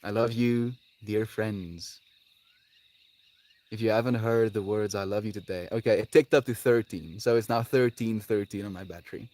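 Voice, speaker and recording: Soft-spoken dreamy man on a live stream. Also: medium pitch, no room sound. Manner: dreamy and heartfelt, lots of laughter and sighs; drawn-out pauses, often trailing off quietly. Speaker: livestreamer. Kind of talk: live stream chat with viewers. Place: outdoors with birds audible.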